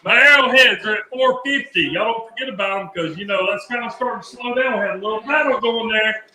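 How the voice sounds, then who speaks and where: Man, radio auction host, high bright voice, loud and joking, echoey room. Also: fast. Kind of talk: live radio auction calling.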